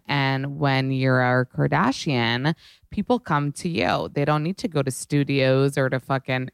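A young woman hosting a podcast, chatting casually and excitedly, with lots of swearing and filler words. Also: low-pitched, clean tone, no room sound, studio quality. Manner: gushing and fast, heavy swearing and "like". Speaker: podcast host. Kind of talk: casual chat.

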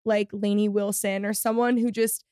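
A woman's voice: mid-range voice, flat delivery, normal speed, warm tone, smooth, dry recording, clean studio sound. A woman in her twenties from Texas with a Valley girl accent, hosting a podcast in a giggly, self-deprecating way. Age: 20s. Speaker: podcast host. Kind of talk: casual chat.

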